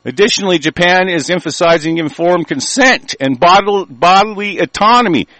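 An older American man giving a profane, angry monologue, reading news aloud and commenting, swinging from low mutters to shouting. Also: normal speed, dry recording, low-quality recording. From United States.

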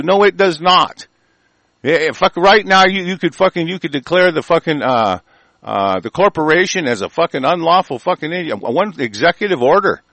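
A man giving angry, profane ranting commentary in reaction to the news, with shouted bursts and many halting fillers. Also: on the high side, dry recording, low-quality recording.

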